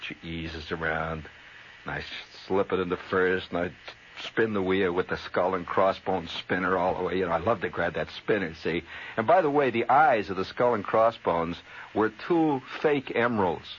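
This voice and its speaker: Male radio storyteller with a lowish voice, rambling and chatty. Old, slightly muffled radio sound. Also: moderate pace. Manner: conversational, full of asides and tag questions. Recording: slightly dull old radio recording, faint hiss.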